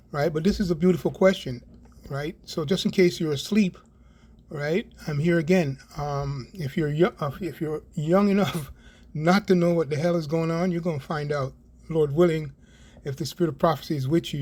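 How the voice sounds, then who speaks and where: A man's voice: fairly high pitch, a little mellow. A middle-aged Canadian man giving an online Bible prophecy talk, rambling, repeating words for emphasis and often asking "right?".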